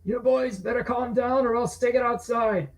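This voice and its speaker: A man's voice: extremely high pitch, steady tone, moderate pace, distant mic, pitched above the performer's own voice. A man reading his thriller aloud, voicing a bald, bearded male bartender who lays down the law firmly. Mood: stern. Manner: firm, laying down the law. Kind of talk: audiobook reading.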